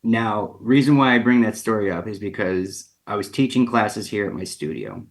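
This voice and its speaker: A man's voice: on the low side, normal speed. A man, a ceramic artist and guest on a radio interview, telling a casual story, acting out the lines of the people in it, with plenty of fillers. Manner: casual and animated, acts out quoted dialogue, many fillers.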